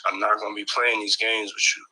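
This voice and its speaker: A man's voice: on the low side, flat delivery, quick pace, pushed and bright, husky, poor audio. A man leaving a blunt voice message, repeating himself and stumbling over his words. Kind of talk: recorded voice message.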